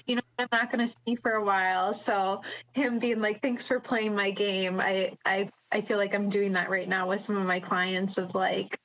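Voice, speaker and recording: A woman's voice: medium pitch, little pitch movement, normal speed, fairly bright tone, lo-fi sound. A woman who works as a school therapist, chatting on a podcast and telling stories about her clients. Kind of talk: casual podcast chat.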